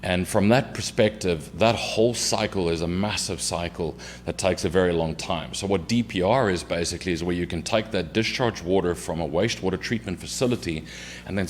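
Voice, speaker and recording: A man with a South African accent walks a city council through his firm's technology, explaining step by step with a few fillers. His voice sits very low. A faint hum runs underneath. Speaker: company CEO presenting. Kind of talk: business presentation to council.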